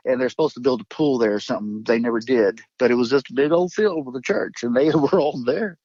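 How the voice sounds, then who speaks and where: A man's voice: mid-range voice, quick pace, a little mellow, no room sound, lo-fi sound. A man telling his story in a rambling, emphatic way, swearing and jumping between thoughts. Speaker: guest recounting an encounter.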